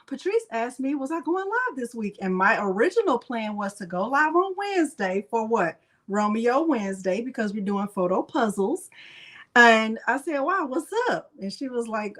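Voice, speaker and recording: A high-pitched woman runs a casual crafting livestream. She talks in a chatty, playful way and greets her viewers one by one. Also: big pitch swings, normal speed, a bit bright.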